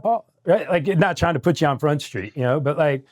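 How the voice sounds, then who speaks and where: A man's voice: on the high side, brisk. A middle-aged man from the United States, a guest telling his story in an interview with raw intensity, swearing freely and often adding "right?".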